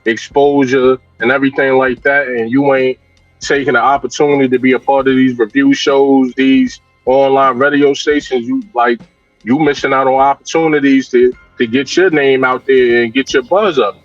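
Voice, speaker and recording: A man's voice: medium pitch, fairly even intonation, moderate pace, dry recording, soft background music. Candid male artist on a dull, dry line. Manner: candid and reflective, with frequent restarts. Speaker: guest hip hop and R&B artist. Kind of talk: casual interview talk.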